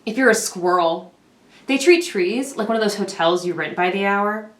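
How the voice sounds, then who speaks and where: A woman's voice: mid-range voice, expressive, moderate pace, fairly bright tone, close to an everyday voice. A woman playing a sardonic chaotic evil character who scorns nature. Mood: scornful. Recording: echoey room.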